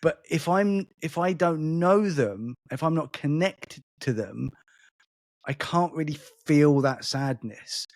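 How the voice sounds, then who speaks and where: A man whose accent sits between London and polished English, talking in a loose, rambling way and often restarting his sentences. His voice sits a little on the higher side, and it sounds dry and close with no room echo. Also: lively intonation, slow. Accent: London mixed with a more polished English. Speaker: podcast co-host. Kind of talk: casual podcast chat.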